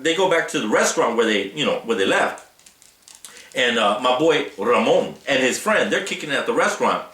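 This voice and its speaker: Animated man telling a story. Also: mid-range voice, reverberant. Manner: animated, tags lines with "right?". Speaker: vlogger. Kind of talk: casual storytelling to camera. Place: Japan.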